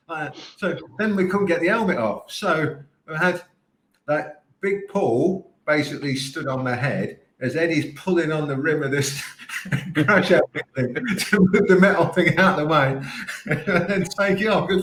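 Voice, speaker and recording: A man's voice: a little high, normal speed, fairly bright tone, a little hiss or hum. A middle-aged man, a guest telling old training stories in a casual chat, laughing as he talks. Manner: laughing storyteller. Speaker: podcast guest, martial arts instructor. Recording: echoey room, faint ambience.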